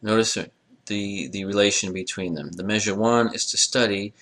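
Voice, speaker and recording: Low-voiced man teaching a grammar lecture. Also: steady tone, normal speed, fairly bright tone. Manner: wry asides, drills pronunciation aloud. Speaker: Arabic teacher. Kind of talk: recorded classroom lecture.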